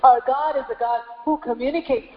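A woman pastor preaching a sermon, repeating phrases in a steady cadence and asking rhetorical questions. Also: high voice, a little fast. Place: church hall. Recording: echoey church hall, slightly dull sound.

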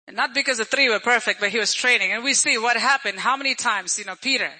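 Very high, bright-voiced male preacher. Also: low-quality recording. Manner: storytelling preacher who acts out crowd voices; conversational, repeats phrases for emphasis. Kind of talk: sermon.

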